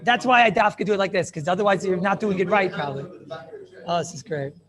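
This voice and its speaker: A man teaching a lively Torah class as a rabbi, playful and theatrical, mixing in Yiddish and Hebrew terms. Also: sits high, rapid-fire, echoey room, a crowd in the background.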